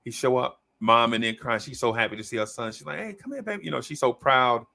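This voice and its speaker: With a creaky, mid-range voice and a slightly fast delivery, a male podcast host narrates a long story in laid-back conversation. He acts out the characters, giving each quoted line its own voice.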